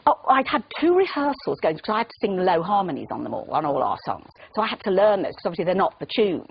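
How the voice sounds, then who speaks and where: An actress guesting on a chat show, telling stories in an animated, self-deprecating way. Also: female voice, on the low side, quick pace, vocal fry. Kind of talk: casual chat show interview. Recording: muffled TV broadcast audio.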